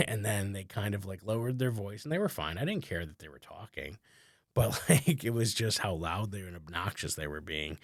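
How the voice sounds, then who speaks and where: A man's voice: on the low side, lively intonation, normal speed, no echo, clean studio sound. A male comedian and podcast host telling a story in casual chat, rambling and conversational with lots of "like" fillers, chuckling often and mocking himself a little.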